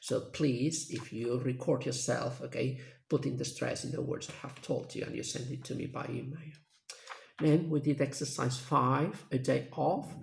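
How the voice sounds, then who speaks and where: Gravelly man recapping an English lesson. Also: mid-range voice, fairly even intonation, normal speed, slight background noise. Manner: plain, patient classroom explaining. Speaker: English teacher. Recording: echoey room.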